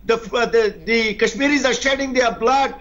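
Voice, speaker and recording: Male panelist from Pakistan, very high voice, ranting and defiant, dull lo-fi feed. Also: steady tone, normal speed, fairly bright tone. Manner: ranting, defiant, talks over others. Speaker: debate panelist. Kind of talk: heated TV debate.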